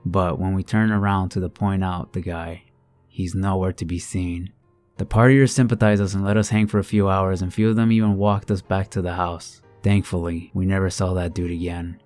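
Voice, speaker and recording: Deep-voiced man narrating horror stories. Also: dry recording. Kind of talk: reading submitted true scary stories aloud. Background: soft background music.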